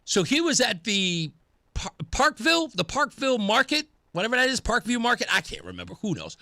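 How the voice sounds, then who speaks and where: Animated high-voiced radio host man. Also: fairly quick, no room sound, studio quality. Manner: animated, acts out quoted dialogue; laughs at himself. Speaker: radio talk show host. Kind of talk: opinionated talk radio monologue.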